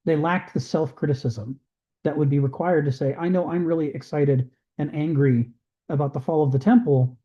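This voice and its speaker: Male discussion host, higher voice, animated lecturer, muffled call audio. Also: normal speed. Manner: animated, acts out quoted voices. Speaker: host of an online discussion group. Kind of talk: casual lecture-style chat.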